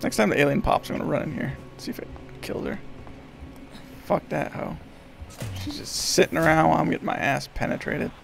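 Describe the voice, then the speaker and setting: A man streaming a horror game, swearing and talking excitedly to himself and the game. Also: fairly high pitch, fairly quick, gravelly, pauses often, faint music behind. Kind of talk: live gameplay commentary.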